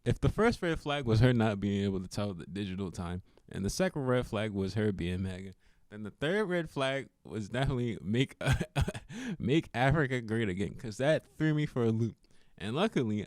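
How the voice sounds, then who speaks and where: A young man with a lowish voice and moderate pace tells a funny personal story in a casual vlog, recorded dry with studio quality. He's animated, laughs often and acts out what people said.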